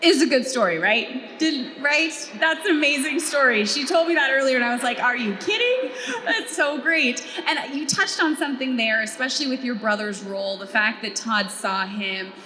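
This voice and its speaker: Bright, upbeat woman moderator. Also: high voice, moderate pace, hardly any pauses, a little hiss or hum. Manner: enthusiastic, upbeat questioning. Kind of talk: panel moderating.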